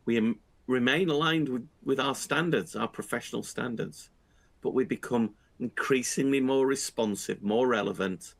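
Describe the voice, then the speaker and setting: A man giving a measured explanatory talk on audit planning, pausing with fillers and restarting phrases as he goes. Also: medium pitch, creaky. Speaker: internal audit speaker.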